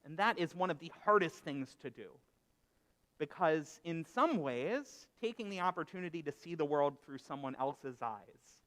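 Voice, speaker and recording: A man, a rabbi, telling a parable and giving a sermon with dry humor at a live service. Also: fairly high pitch. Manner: unhurried, expressive storyteller with dry humor. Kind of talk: sermon with storytelling. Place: synagogue sanctuary. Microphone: live service broadcast mic. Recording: echoey hall reverb, live broadcast.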